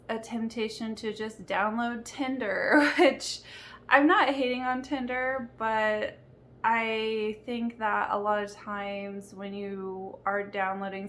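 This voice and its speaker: A woman's voice: mid-range voice, a bit bright, a little hiss or hum. A young woman talking candidly and earnestly about her faith in a personal video. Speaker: Christian vlogger. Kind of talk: faith-based personal talk to camera.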